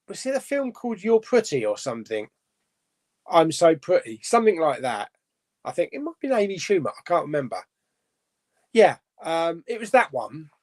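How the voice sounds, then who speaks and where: A man's voice: high voice, darkish tone. A man hosting a casual live stream chat, reading out viewer comments and rambling chattily with frequent self-corrections and laughs.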